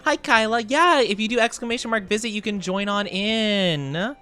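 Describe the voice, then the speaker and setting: Bright, giggly livestreamer chatting. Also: medium pitch, normal speed, faint music behind. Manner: chatty and giggly, answers chat messages. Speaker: streamer reading chat. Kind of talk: casual livestream chat over gameplay.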